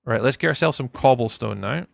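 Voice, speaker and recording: A young man chatting casually with viewers while live streaming, playful and often trailing off into a softer voice. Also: mid-range voice, lively intonation, fairly quick, gravelly, no echo.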